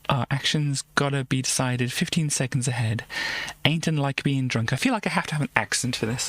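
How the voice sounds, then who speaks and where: A man's voice: medium pitch, no room sound. A man streaming a game live, reading its text aloud and adding wry asides, often restarting sentences and repeating words. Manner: wry asides between read passages.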